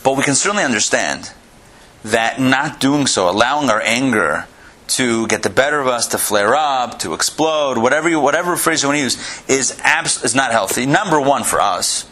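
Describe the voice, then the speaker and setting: Bright-voiced male rabbi lecturing a class. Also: medium pitch, lively intonation, moderate pace. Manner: conversational, repeats and restarts, tells jokes. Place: classroom with a live audience.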